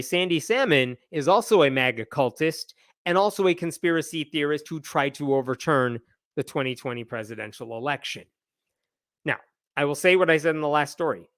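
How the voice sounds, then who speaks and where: Sarcastic male livestream host with a slightly high voice, dry close sound. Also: fairly bright tone, dry recording. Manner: sarcastic, reads passages aloud. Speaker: channel host. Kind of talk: livestream commentary.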